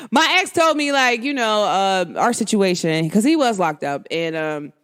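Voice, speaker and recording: Frank, expressive woman podcast host. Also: medium pitch, measured pace, clean tone. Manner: expressive, frank, slangy, acts out quoted dialogue. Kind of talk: candid monologue to listeners.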